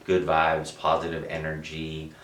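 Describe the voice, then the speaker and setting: Young guy w a low voice telling stories, kinda far from the mic in an echoey room. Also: a little slow. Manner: animated storyteller, acts out quotes, frequent restarts. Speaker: musician interviewee. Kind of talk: storytelling interview answers. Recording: roomy, distant mic.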